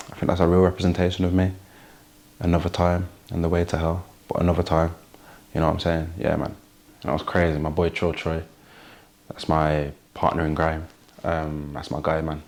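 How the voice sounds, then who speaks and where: A man's voice: sits low, a little mellow. A young man with a Wolverhampton accent, a rapper talking casually in an interview, full of street slang and "you get me" tags. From Wolverhampton, England.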